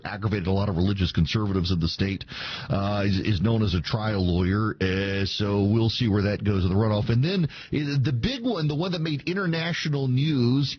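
Man, casual political talk, husky voice, sarcastic asides, muffled lo-fi sound. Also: on the low side. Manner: chatty, sarcastic asides, frequent uh fillers. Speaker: political commentator. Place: Tulsa, Oklahoma.

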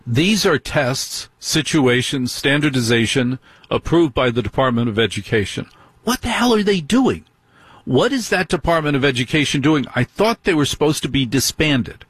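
A man's voice: medium pitch, expressive, normal speed, fairly bright tone, breathy edge, no room sound. A middle-aged man hosting a talk radio show, delivering an indignant monologue full of rhetorical questions.

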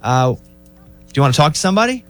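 Casting: man doing a laid-back AI phone operator woman, pitched way up, oddly chill. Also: sing-song, fast talker, faint music behind. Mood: breezy. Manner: weirdly chill and breezy. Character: calm robotic female phone assistant.

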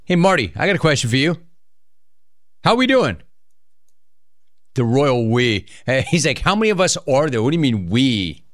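A man hosting a call-in radio show, bantering and teasing callers in a joking, animated way. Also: medium pitch, fast, no echo. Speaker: sports radio host.

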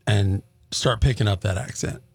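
A middle-aged man hosting a radio morning show who keeps asking questions. His voice is gravelly and a bit husky, and it rises and falls in a lively way. The sound is dry and close. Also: on the low side, normal speed, no room sound. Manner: chatty, asks questions. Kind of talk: casual on-air banter.

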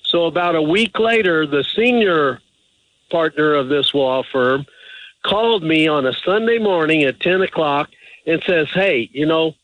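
A man's voice: a little high, expressive, a little slow, a bit bright, poor audio. A man calling a radio advice show, telling a long, hesitant, rambling story full of restarts and fillers. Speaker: caller. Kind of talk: phone-in call.

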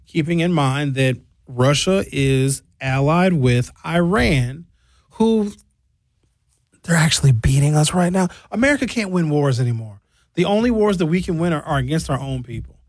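A man's voice: a little high, lively intonation, moderate pace, no room sound. A man giving a blunt, sarcastic comedic political rant.

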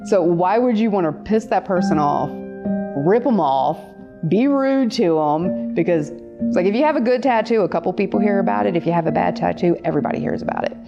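A woman tattoo artist telling stories in casual chat, laughing often and jumping high in pitch when she quotes people. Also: expressive, fairly quick, gravelly, highs cut off, music in the background. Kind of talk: casual storytelling.

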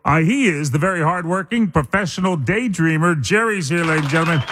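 High, lively-voiced male radio host. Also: a little fast, long reverb tail. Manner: upbeat, playful, self-mocking joke-telling. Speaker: radio morning show host. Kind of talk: jokey morning radio banter.

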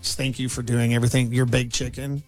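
A man's voice: medium pitch, fast talker, faint music behind. Chatty middle-aged man telling stories. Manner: animated storyteller, acts out quotes loudly. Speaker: DJ and show host. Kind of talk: casual chat.

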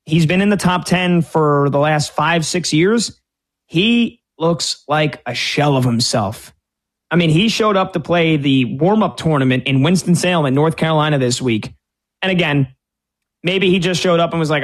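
A man's voice: fairly high pitch, fairly quick. A man giving opinionated, rambling sports betting commentary on a tennis tournament as a show regular. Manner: opinionated, rambling, many restarts.

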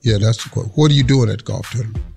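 A man's voice: on the low side, rapid-fire, vocal fry, darkish tone, soft background music. A man hosting a radio morning show, folksy and preachy, teasing his co-host.

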